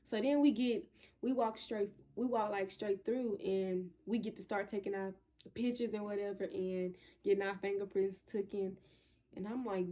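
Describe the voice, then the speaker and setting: A woman's voice: mid-range voice, moderate pace. A woman vlogger telling a story to her viewers in a loose, chatty way, talking straight to them and often circling back to restart. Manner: animated, talks straight to viewers. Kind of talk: casual storytime.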